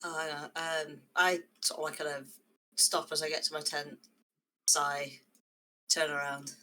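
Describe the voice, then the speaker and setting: A player in a tabletop game who talks through their character's actions hesitantly and tentatively. The voice is bright and sharp. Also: medium pitch, flat delivery, measured pace, a little hiss or hum.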